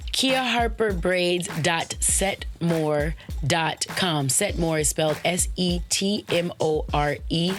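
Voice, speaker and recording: Slow-talking playful woman podcast host. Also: a bit bright. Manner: playful and slangy, with swooping high exclamations; spells out web addresses letter by letter. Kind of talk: casual motivational podcast talk.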